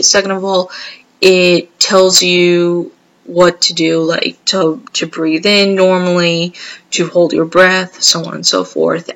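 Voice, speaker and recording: A woman speaking earnestly and gently to her viewers, pausing often as she offers support. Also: lowish voice, poor audio. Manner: gentle, earnest, halting with many pauses. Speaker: vlogger. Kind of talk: heartfelt direct-to-camera message.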